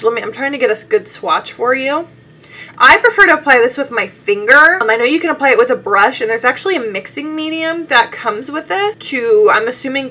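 A woman's voice: on the high side, bright, forceful tone, slightly rough. A young woman chatting casually through her monthly makeup favorites, bubbly and full of "like" and little laughs. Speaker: beauty vlogger.

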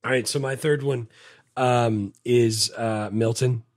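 A man's voice: mid-range voice, steady tone, slow, no echo, clean studio sound. A man co-hosting a podcast in casual movie chat, animatedly acting out lines from a film in raised voices. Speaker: podcast co-host.

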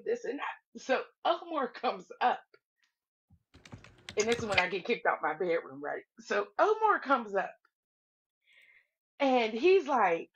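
A woman's voice: unhurried, husky. A woman casually recounting a livestream drama, acting out everyone's lines with big jumps in her voice and frequent laughter. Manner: animated, acts out quotes with big pitch jumps and laughter. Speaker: live stream commentator. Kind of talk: casual storytelling recap. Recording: slightly dull lo-fi audio.

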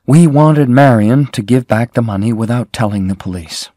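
A man's voice: medium pitch, moderate pace, warm tone, dry recording, studio quality, voice pushed up, natural voice. A man reading the lines of an anxious young woman searching for her missing sister, in a pleading, strained tone. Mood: worried, pleading.

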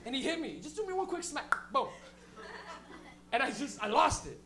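This stand-up host on a live club stage has a very high voice and a brisk delivery. He's animated and profane, laughing often and shouting to land his jokes.

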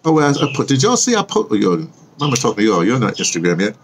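A man's voice: medium pitch, huge pitch swings, fast, background noise. A man talking casually to viewers in a rambling monologue, restarting sentences often and teasing them with questions. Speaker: vlogger and audio drama producer.

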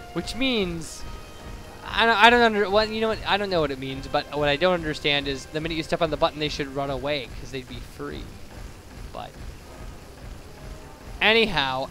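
Bright-voiced young man rambling over gameplay. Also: on the high side. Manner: rambling, digressive, self-correcting. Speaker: let's play commentator. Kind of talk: casual gameplay commentary. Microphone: boosted home microphone. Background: faint game music.

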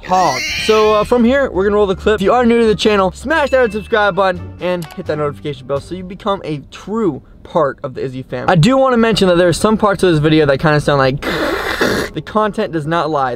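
A man hosting a fishing vlog, talking to camera in an excitable, hyped, slang-filled way. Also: sits high, brisk, faint music behind. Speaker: fishing vlogger host. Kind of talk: casual vlog talk to camera.

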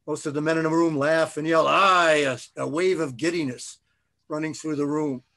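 A man, the author, reads his own novel aloud in a measured, expressive way. His voice sits somewhat high for a man. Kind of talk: literary reading aloud.

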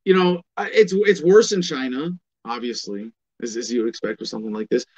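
A man's voice: medium pitch, brisk, darkish tone, slightly rough, lo-fi sound. A man giving an emphatic political commentary monologue, asking and answering his own questions.

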